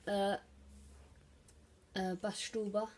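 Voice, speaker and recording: A woman casually commentating her own football video game. She swears freely, mutters under her breath, and erupts into shouts at big plays. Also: mid-range voice, little pitch movement, very slow. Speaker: gaming commentator.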